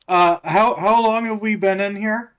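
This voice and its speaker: A man's voice: high-pitched, fairly even intonation, unhurried, clean tone. A man playing a tabletop game, rambling with hesitant restarts and many fillers. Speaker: player.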